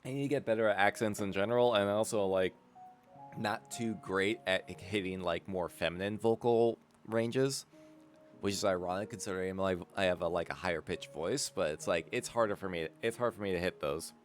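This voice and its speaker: Male streamer, lowish voice, rambling and self-deprecating, light music behind. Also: moderate pace. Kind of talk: casual commentary over a game.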